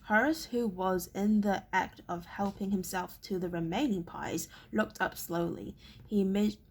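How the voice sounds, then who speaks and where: A woman reading a novel aloud in a halting way, often stumbling and repeating words. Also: mid-range voice, steady tone, breathy edge. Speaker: reader.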